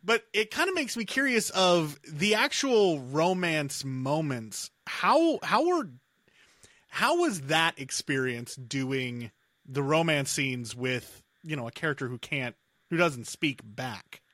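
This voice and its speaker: A man hosting an interview, asking relaxed questions. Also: on the high side, slow, dry recording, studio quality. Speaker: interview host.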